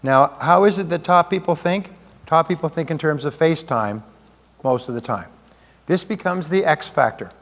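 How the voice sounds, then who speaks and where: A man's voice: a little high, expressive, moderate pace, a bit bright. A man giving a live seminar talk as a motivational speaker, conversational, with plenty of rhetorical questions. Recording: long hall reverb.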